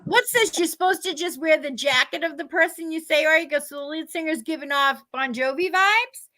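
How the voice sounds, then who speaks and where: Female co-host, high and bright, lively casual storyteller who mimics others. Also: a little fast. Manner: animated storyteller, acts out other people's lines. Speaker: podcast co-host.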